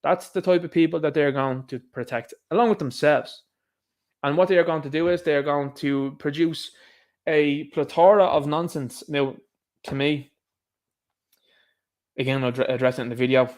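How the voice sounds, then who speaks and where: A man's voice: fairly high pitch, moderate pace, pauses often. A man with an Irish accent hosting a livestream, giving emphatic opinionated commentary and reading viewers' chat messages aloud. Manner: emphatic, ranting, talks straight to viewers. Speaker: livestream host.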